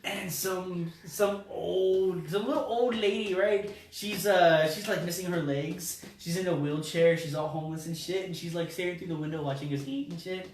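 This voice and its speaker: A man's voice: high-pitched, moderate pace, few pauses, distant mic. A man casually telling a story on a podcast, full of fillers and swearing. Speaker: podcast co-host. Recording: echoey room, away from mic.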